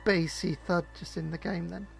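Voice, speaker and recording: A man's voice: fairly high pitch, steady tone, moderate pace, vocal fry, soft background music. A man giving chatty, playful commentary while streaming a game. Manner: chatty, playful, joking asides. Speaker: gaming streamer. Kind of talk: casual let's-play commentary.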